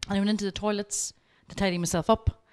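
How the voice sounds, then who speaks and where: A woman speaking at a workshop, telling lively stories and coaching her audience directly. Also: mid-range voice, fast talker, clear, resonant tone. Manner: lively anecdotes, acting out both sides of the dialogue. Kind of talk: storytelling lecture.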